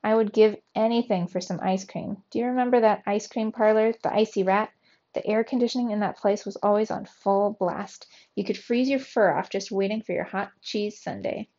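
A woman's voice: mid-range voice, fairly even intonation, normal speed, mellow, lightly acted. A woman voicing a boastful, cheeky grown male mouse who talks in a smug, teasing way, on a dull lo-fi recording.

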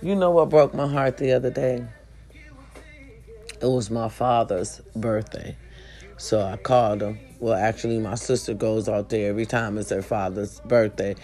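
A woman's voice: extremely low pitch, steady tone, normal speed, warm tone, faint music behind. A woman talking casually and earnestly to her viewers, preaching and often checking that they understand her. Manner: chatty and preachy, often asks "you understand me?". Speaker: vlogger. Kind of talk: casual motivational talk to camera.

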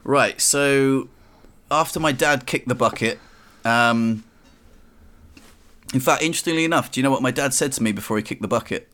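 A man's voice: medium pitch, normal speed, long pauses, fairly bright tone. A man on a podcast, chatting casually and acting out the voices of his family as he tells a story. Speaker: podcast co-host.

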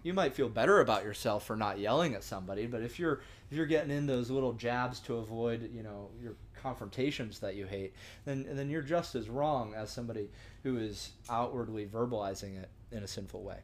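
Speaking briskly at medium pitch, a young man leading a church discussion teaches in an earnest, conversational sermon style, often restarting and adding rhetorical asides.

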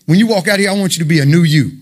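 A man's voice: a little high, racing. A man preaching an informal sermon, conversational and emphatic, full of rhetorical questions.

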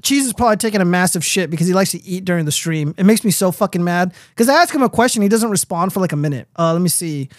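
High-voiced young man, foul-mouthed stream host. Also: expressive, fast talker, hardly any pauses, no room sound, clean studio sound. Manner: rambling and profane, reads chat comments aloud. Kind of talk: casual livestream chat.

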